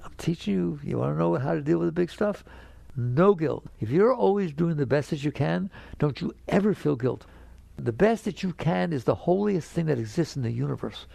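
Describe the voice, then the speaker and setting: Gravelly older man giving a spiritual talk. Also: lively intonation, moderate pace, mellow, no room sound. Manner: direct, conversational, keeps checking the audience understands; grows emphatic and higher when making a point. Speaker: spiritual teacher.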